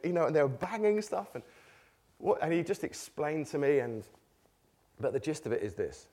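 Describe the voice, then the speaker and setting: A man preaching a chatty sermon to a congregation, joking at his own expense and laughing between his points. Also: fairly high pitch. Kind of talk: conversational sermon. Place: church meeting with a live congregation.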